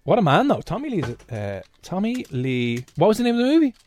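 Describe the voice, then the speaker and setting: A man's voice: high-pitched, wildly swooping pitch, fairly quick, darkish tone. Chatty Irish man co-hosting radio. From Ireland. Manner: chatty, jokey, mocking. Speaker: radio co-host. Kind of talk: casual chat.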